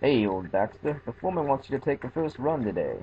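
A man voicing a cheerful, easygoing big male steam engine, speaking in a relaxed, friendly way over a lo-fi recording. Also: mid-range voice, fairly quick, slight background noise.

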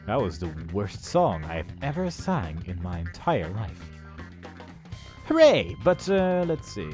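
A man's voice: medium pitch, wildly swooping pitch, slow pace. A man giving sarcastic let's play commentary, humming and making up silly songs as he plays. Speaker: game commentator. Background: faint game music.

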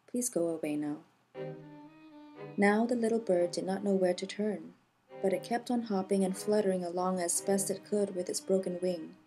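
A woman narrating a storybook fable for children in a gentle, measured reading. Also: medium pitch, fairly even intonation. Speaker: audiobook narrator. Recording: music bed behind the voice.

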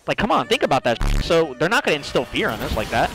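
A man streaming a video game, ranting in a rambling, profane, excitable way, filling his talk with "like" and "literally.". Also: a little high, fast, low-quality recording. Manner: fillers, repeated "like" and "literally". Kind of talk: casual gaming stream chat. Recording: music playing behind voice.

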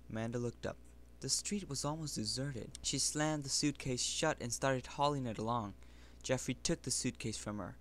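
A man's voice: medium pitch, fairly even intonation, normal speed. A man reading a children's novel aloud in an amateur audiobook, with plain, earnest storytelling. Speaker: reader.

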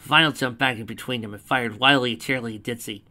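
A man's voice: mid-range voice, steady tone, quick pace, sharp tone. A man reading a fanfiction story aloud, adding chatty asides between the narration.

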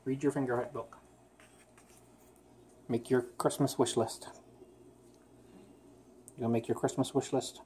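A woman filming her pet bird at home on her phone, talking to it in baby talk that swings between low murmurs and high sing-song coos. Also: flat delivery, measured pace, long pauses, warm tone, a little hiss or hum. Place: home, indoors. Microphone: phone camera held in one hand.

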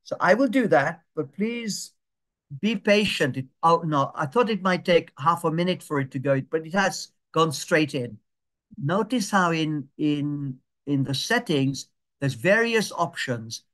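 Guy teaching phone basics on a video call, slow and patient, keeps checking in. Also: on the high side, lively intonation, a bit bright. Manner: patient, repeats steps slowly and checks understanding. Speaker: digital skills tutor. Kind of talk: step-by-step lesson over a video call.

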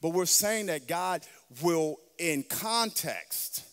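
A male pastor with a high voice preaches a sermon, rising into sung, shouted lines and dropping to a hushed, intimate tone. His voice rings out with a long reverb in a large hall. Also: expressive, takes it slowly, smooth. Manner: swings from chanted, shouted preaching to quiet, intimate teaching.

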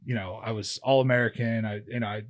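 The voice sits on the low side, steady in tone and quick in pace. It belongs to a man in his thirties, formerly a pro football player, who guests on a podcast and rambles through a long casual interview story riddled with fillers and restarts.

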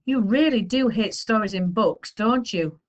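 A woman voicing a kind female primary teacher who speaks gently and coaxingly in a read-aloud storybook. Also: mid-range voice, animated, a little slow, close to an everyday voice. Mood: gentle.

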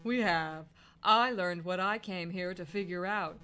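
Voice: medium pitch, unhurried, bright, forceful tone, clear, resonant tone, soft background music. A player voicing a smug, prying male bird lawyer who speaks coolly.

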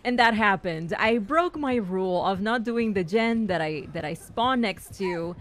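A young woman streamer giving casual, excitable commentary on her own gameplay, chatty and repeating herself as she talks to her teammates. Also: mid-range voice, a little slow, a little hiss or hum. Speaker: gaming streamer.

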